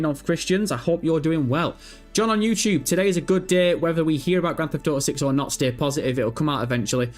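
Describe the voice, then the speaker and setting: A man hosting a live stream, casually chatting and reading out viewer messages with self-mocking, sweary banter. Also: fairly high pitch. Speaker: livestream host.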